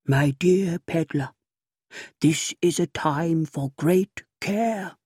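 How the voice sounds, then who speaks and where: Brief: man voicing a secretive, pompous official, pitched higher and hushed. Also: extremely slow, slightly rough, no room sound, studio quality, exaggerated voice. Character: self-important male government official, secretive and hushed.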